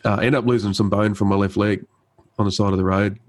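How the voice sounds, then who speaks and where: Laid-back low-voiced man telling war stories. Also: fairly even intonation, quick pace, darkish tone, rough recording. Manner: laid-back, frequent fillers and restarts, acts out quoted dialogue. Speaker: guest, army medic. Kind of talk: conversational storytelling.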